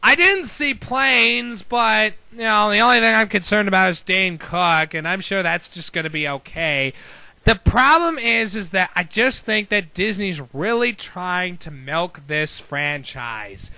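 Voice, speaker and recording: A man's voice: high-pitched, animated, measured pace, vocal fry, sharp tone, dry recording, poor audio. A man ranting casually about video games, rambling through exasperated rhetorical questions. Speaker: video game commentator. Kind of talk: casual opinion rant.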